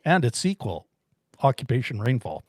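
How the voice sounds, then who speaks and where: A man's voice: medium pitch, sing-song, normal speed, dry recording, clean studio sound. A man co-hosting a film podcast, chatting casually and rambling with frequent laughs and restarts. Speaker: podcast co-host reviewing a film. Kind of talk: casual chat.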